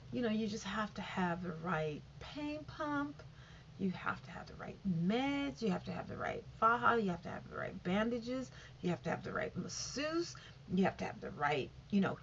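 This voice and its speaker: A woman chatting casually to her viewers, rambling and often saying "you know". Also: mid-range voice. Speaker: vlogger. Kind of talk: casual chat to camera. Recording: dull lo-fi sound with faint noise.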